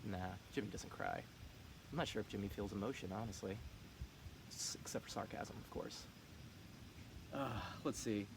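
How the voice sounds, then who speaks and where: A man's voice: on the low side, moderate pace, creaky, long pauses, background noise. A man running a fantasy football league, talking casually and teasing the other players with cocky trash talk.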